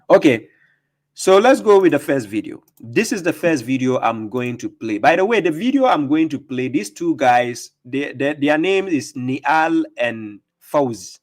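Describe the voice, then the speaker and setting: A man's voice: medium pitch, sing-song, a little slow. A man hosting a live stream, talking casually and greeting viewers by name, laughing often.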